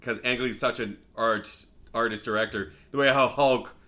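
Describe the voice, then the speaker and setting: Man, podcast co-host, bright tense voice, rambly, filler-heavy, laughing. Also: mid-range voice, steady tone, normal speed. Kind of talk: casual movie review chat.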